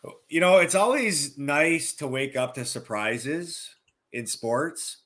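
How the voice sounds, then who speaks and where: A man's voice: a little high, expressive, slow pace, a bit bright. A man who is a former pro hockey player, chatting as an analyst on a betting podcast, teasing and telling stories with animation. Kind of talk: casual sports betting banter.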